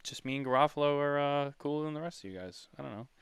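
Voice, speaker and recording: A man's voice: fairly high pitch, quick pace, clear, resonant tone, dry recording. A man hosting a podcast in casual chat, rambling and chatty as he reads comments. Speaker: podcast host.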